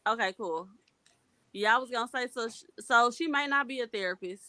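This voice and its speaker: A woman's voice: on the high side, a little fast, pushed and bright. A woman co-hosting a livestream commentary, casual and agreeable.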